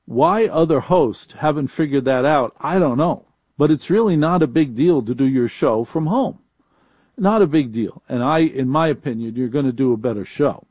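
A man's voice: medium pitch, lively intonation, normal speed, a little mellow, slightly rough, no room sound. A man hosting a live call-in radio show from home, chatty and wry, often repeating his phone number. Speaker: radio talk show host. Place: home studio in a laundry room.

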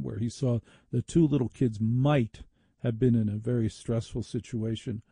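A man's voice: medium pitch, warm tone, breathy edge, dry recording. A man hosting a talk radio show, delivering an opinionated, indignant and sardonic monologue into a studio microphone.

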